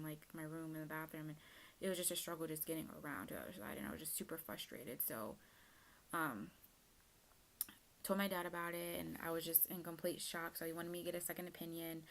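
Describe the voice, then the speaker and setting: Gravelly-voiced young woman telling a story. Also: low voice, slight background noise. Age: young adult. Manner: chatty, lots of fillers. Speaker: vlogger. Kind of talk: casual storytime.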